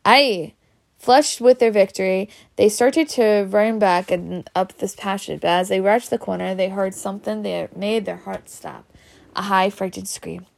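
A woman reading a children's story aloud in a steady way. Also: mid-range voice, a little slow, gravelly. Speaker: reader.

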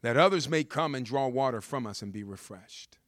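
A man's voice: mid-range voice, animated, moderate pace, a bit bright, dry recording, studio quality. A man preaching a sermon, telling the story with humor and repeating words for emphasis.

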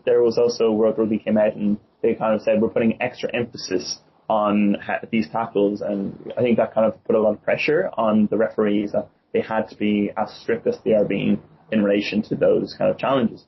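A man in a casual sports chat, speaking in a measured, agreeable way with hesitant fillers. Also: lowish voice. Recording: dull lo-fi recording with faint noise.

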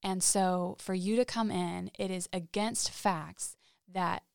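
Woman, low voice with vocal fry, heartfelt halting storytelling, dry close sound. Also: fairly even intonation, dry recording. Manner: halting and heartfelt, with frequent restarts. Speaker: podcast guest. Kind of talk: candid interview storytelling.

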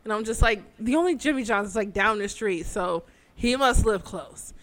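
A woman co-hosting a casual chat, excitable and swearing freely as she acts out her own reactions. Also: mid-range voice, moderate pace. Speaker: podcast co-host.

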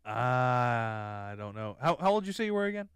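A man's voice: medium pitch, sing-song, moderate pace, fairly bright tone, clean tone, no room sound. A young man hosting a podcast in casual chat, rambling and joking with many restarts. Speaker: podcast host.

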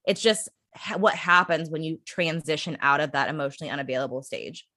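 A woman with a lowish voice co-hosting a casual podcast, recorded dry with little room sound. She gives blunt opinions and swears freely. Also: steady tone, a little fast, pushed and bright, no room sound. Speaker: podcast co-host. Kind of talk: casual chat.

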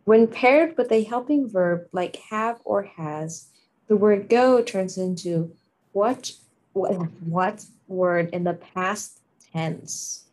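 A woman's voice: medium pitch, expressive, slow, darkish tone, poor audio. A woman with a mid-range voice chats casually through a quiz with a friend. She teases and boasts in a playful way. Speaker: co-host.

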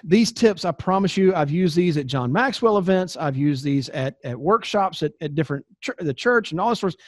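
A man with a fairly high voice gives plain-spoken coaching tips straight to the listener. He is blunt and animated, stumbles over repeated words as he restarts sentences, and the sound is close and dry. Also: normal speed, no echo. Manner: blunt, animated, acts out quoted exchanges. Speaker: business coach. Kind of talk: instructional talk to camera.

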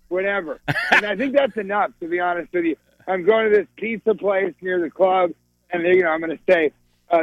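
A man's voice: high-pitched, animated, brisk, vocal fry, no echo. A male comedian calling in to a radio show, giddy and rambling, laughing through his jokes over a muffled phone line. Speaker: comedian guest.

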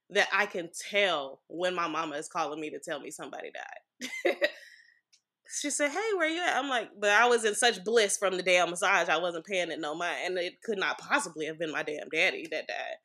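A woman's voice: on the low side, bright, forceful tone. A woman guest on a podcast, telling a personal story in a blunt, frank way and swearing freely.

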